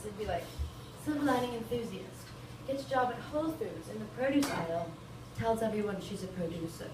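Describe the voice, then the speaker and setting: A young woman from Bolivia doing a stand-up comedy set, rambling, crude and laughing often. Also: mid-range voice. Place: small venue with live audience. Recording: roomy, distant live room recording with noise.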